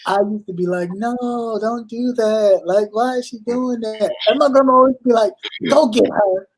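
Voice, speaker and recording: A woman's voice: a little high, moderate pace, low-quality recording. A woman hosting a casual online chat, telling stories with lots of acted-out quotes. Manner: animated storytelling, acting out quotes. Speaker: host.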